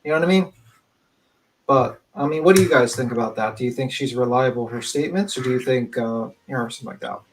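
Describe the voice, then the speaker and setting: A man's voice: medium pitch, quick pace, slight background noise. A man on a casual true-crime panel, thinking aloud and hedging.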